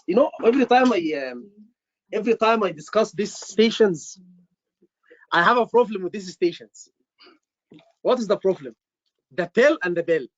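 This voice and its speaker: A man's voice: high voice, expressive, normal speed, pauses often, no room sound, highs cut off. A man tutoring students for a medical exam, emphatic and repeating his words. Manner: emphatic, repeats words, says "brother" often. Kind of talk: online teaching session.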